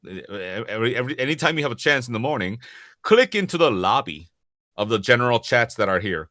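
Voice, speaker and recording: A man with a Korean accent, Korean his first language, takes audience questions in a relaxed Q&A. His voice sits low but swings widely and rings bright and forceful as he laughs, trips over words and repeats himself. The sound is dry, with no room around it. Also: no room sound. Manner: lively, chuckling often, restarting and repeating words. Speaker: voice actor answering audience questions. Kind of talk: casual livestream Q&A.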